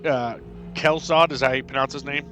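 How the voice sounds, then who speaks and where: Man, game master, narrating a tabletop game, halting delivery, steady mid pitch, clear music behind. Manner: halting, repeats words, many fillers. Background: background music.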